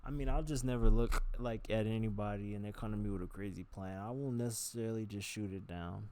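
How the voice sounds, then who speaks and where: A man's voice: lowish voice, a little fast, darkish tone. A young man vlogging in a loose, unscripted monologue to the camera. He swears freely and often breaks into acted-out quoted voices. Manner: rambling and profane, with sudden jumps into acted-out quoted voices. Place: on camera, gesturing with hands.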